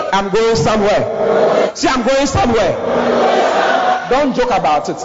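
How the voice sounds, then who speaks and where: A man's voice: fairly high pitch, a little mellow. Preaching man, echoey church hall. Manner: emphatic, repetitive call-and-response preaching. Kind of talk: sermon. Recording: echoey hall, muffled audio.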